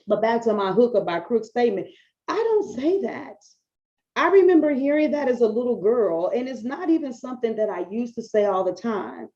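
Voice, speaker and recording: Brief: middle-aged woman coach, casual rant to camera, profane and animated, warm low tone. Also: normal speed, lo-fi sound. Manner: blunt, profane, animated storytelling. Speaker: business coach. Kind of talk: casual talking-head video.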